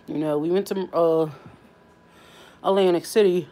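Speaking a bit slowly in a fairly low, steady, warm voice, a weary family channel host yawns through an informal home live stream, leaning heavily on fillers.

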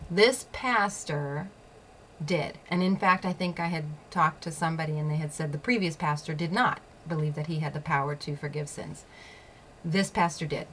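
On her own show, a woman host recounts a personal story in a blunt, profane manner, frequently laughing and repeating phrases to stress them. Her lowish voice is a bit bright, and there's slight background noise.

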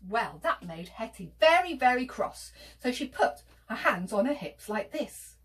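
Animated woman telling a children's story. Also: on the high side, takes it slowly, far from the mic. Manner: animated, sing-song, whispers and gasps for effect.

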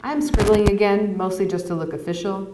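A woman author reading her novel aloud to an audience at a university, in measured, even first-person narration. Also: medium pitch, background noise. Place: university lecture hall. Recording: echoey hall.

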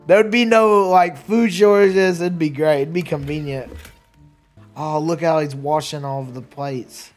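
Chatty higher-voiced man gaming. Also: unhurried. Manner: rambling, chatty, laughs often, trips over words. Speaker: let's play streamer. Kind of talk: casual gameplay commentary. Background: faint game music.

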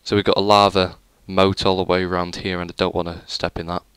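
A man's voice: deep voice, level tone, a little fast, fairly bright tone, smooth, no echo. A young man giving a rambling, self-deprecating tour of a game world, full of hesitant fillers. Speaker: gaming YouTuber. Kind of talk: casual let's play commentary.

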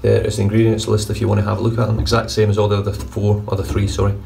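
A man's voice: fairly low pitch, completely flat delivery, very fast, creaky, a little mellow. A man in a bathroom giving a casual, blunt and sweary shave review. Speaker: wet-shaving vlogger. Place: indoor bathroom. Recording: distant mic with faint room noise.

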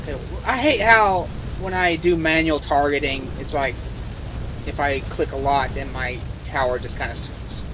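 A man's voice: a little high, normal speed. A man hosting a casual let's-play video, grumbling and ranting sarcastically about the game as he plays, recorded on a noisy home mic. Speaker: gaming video host.

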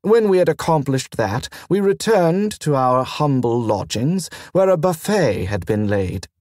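A man voicing a gentle, formal and tired gentleman in an audiobook, speaking in a measured, precise way. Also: on the high side, big pitch swings, no echo, studio quality. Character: weary, gentle, formal man on a trade tour.

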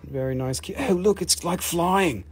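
A man hosting a live mineral sale, joking, swearing, and pitching his stones with enthusiasm. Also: a little slow, breathy edge. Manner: joking, profane, enthusiastic salesman. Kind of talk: livestream sales chat.

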